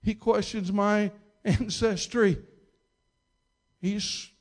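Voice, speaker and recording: A man's voice: moderate pace, darkish tone. A man preaching a storytelling sermon, rambling with many restarts and repeated words, and getting emphatic at key points. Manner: emphatic, rising in pitch and volume at key moments. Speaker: pastor.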